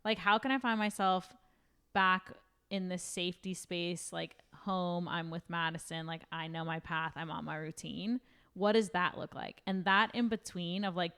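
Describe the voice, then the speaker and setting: A woman's voice: on the low side, pushed and bright, clean tone. A young woman co-hosting a casual podcast, rambling with lots of fillers and casual swearing. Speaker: podcast co-host.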